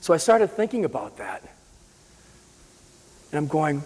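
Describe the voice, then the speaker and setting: Man, earnest storyteller, halting delivery, slightly high voice, long hall reverb. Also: big pitch swings, a little mellow, slightly rough. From Boston area. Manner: earnest, halting, many restarts. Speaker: patient advocate. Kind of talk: personal storytelling.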